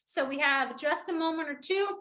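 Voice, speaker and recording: A woman leading an online public speaking workshop, energetic and encouraging, often laughing. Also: sits high, moderate pace. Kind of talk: upbeat online workshop coaching.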